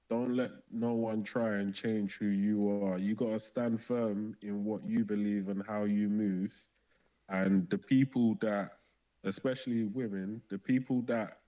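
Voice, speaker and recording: A man's voice: fairly low pitch, warm tone. A man speaking as a guest in a casual podcast discussion, firm and matter-of-fact.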